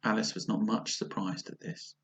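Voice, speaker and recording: A man narrating a classic children's story aloud, expressive, with the odd slip. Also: fairly low pitch, moderate pace, low-quality recording. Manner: expressive reading with small slips.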